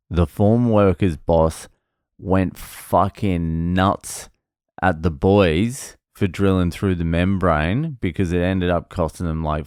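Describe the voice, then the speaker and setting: A man with a low, smooth, resonant voice tells a blunt, swear-laden story about his day in a casual vlog. The sound is dry and close, with no room echo. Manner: profane, blunt, rambling storytelling. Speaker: vlogger recounting his work day.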